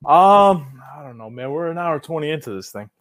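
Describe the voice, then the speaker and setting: High-voiced hyped-up guy plugging stuff. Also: animated, normal speed. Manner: loud, hyped, bro-ish banter. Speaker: guest podcaster. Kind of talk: casual podcast chat.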